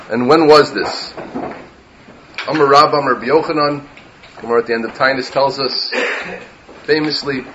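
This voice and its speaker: A man, a rabbi, delivers a Torah lecture in a somewhat high voice, weaving in Hebrew terms and building to emphatic, impassioned peaks. The recording sounds a little dull and lo-fi. A faint hiss runs underneath. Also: a bit bright.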